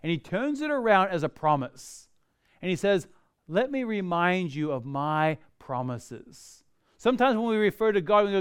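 Pastor guy preaching, kinda high smooth voice, gets really animated doing the quotes. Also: normal speed. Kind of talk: sermon.

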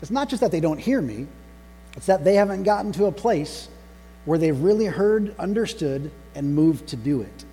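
A man delivering a sermon, pausing to stress single words with deliberate emphasis. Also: on the high side, animated, mellow, slightly rough, soft background music. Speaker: pastor. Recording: long reverb hall with faint mains hum.

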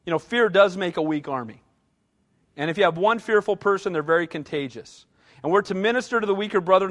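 A middle-aged man with a notably high-pitched voice preaches a sermon in a loose, conversational way. He drives his points home with short repeated phrases. He keeps drawing in the congregation with a questioning "right?". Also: fairly bright tone. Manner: often asks the congregation "right?". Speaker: pastor.

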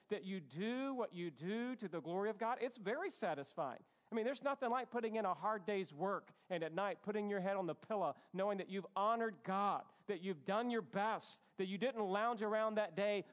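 Male pastor preaching, high voice, animated, echoey dull church hall sound. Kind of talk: sermon.

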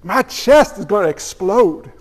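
A man acting out a frightened five-year-old boy, yelling and whining in a high voice. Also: lively intonation, a little slow, in a large hall. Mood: whiny. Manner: high-pitched shouting, whiny. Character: panicked little boy yelling for mom.

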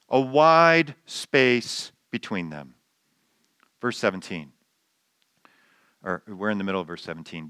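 A man preaching a sermon. He reads scripture aloud and acts out the characters' shouting with animated delivery. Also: medium pitch, clear, resonant tone, no echo. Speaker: pastor.

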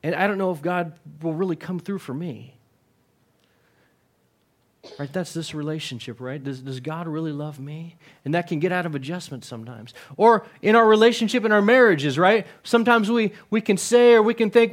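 Speaking at a moderate pace in a high voice, this middle-aged pastor gives a sermon in a conversational style. He repeats words frequently and keeps asking his congregation questions.

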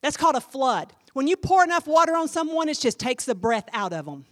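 High-voiced woman pastor preaching. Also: brisk. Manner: animated, emphatic, addresses the congregation directly. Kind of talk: sermon.

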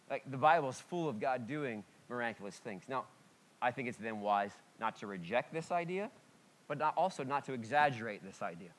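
A pastor with a mid-range voice delivers a conversational sermon, candid and self-deprecating. His lively delivery lurches suddenly between loud and quiet.

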